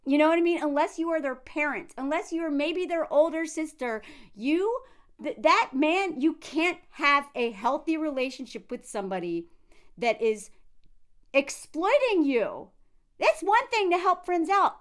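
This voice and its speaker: A young adult woman giving blunt, animated reaction commentary with quick asides. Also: high voice. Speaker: commentary vlogger.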